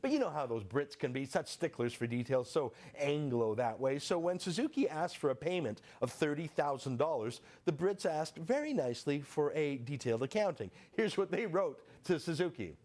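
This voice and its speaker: Sarcastic male commentator, very lively pitch. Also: normal speed, hardly any pauses. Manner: sarcastic, rhetorical questions.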